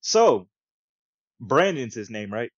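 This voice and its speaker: A man's voice: slow, no room sound. A young man co-hosting a podcast, telling a story in casual slangy chat and acting out the quotes. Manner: animated, acts out quotes with big pitch jumps, slangy. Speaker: podcast co-host. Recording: dull lo-fi podcast audio, dry.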